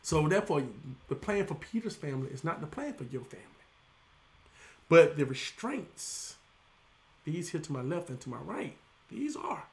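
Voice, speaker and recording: A middle-aged pastor, preaching with a voice that sits high for a man. He keeps his sermon lively and loose, throwing call-and-response questions back at the congregation. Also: moderate pace.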